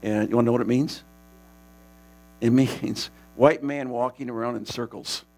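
Man, missionary storyteller, gravelly voice, lively and laughing, mains hum behind. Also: mid-range voice, normal speed. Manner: animated, laughing, rambling with restarts. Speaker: missionary preacher. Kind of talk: casual storytelling testimony.

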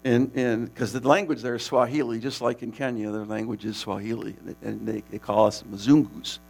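A man casually telling the story of a preaching mission, animated and laughing, with many restarts. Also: mid-range voice, fairly quick, vocal fry.

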